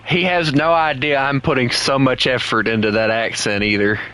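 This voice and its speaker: Southern US male streamer, rambling opinionated rants, middle pitch, tense bright tone. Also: steady tone, moderate pace, clean tone, low-quality recording. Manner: blunt, heated rants. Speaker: game streamer. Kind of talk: casual live-stream chat.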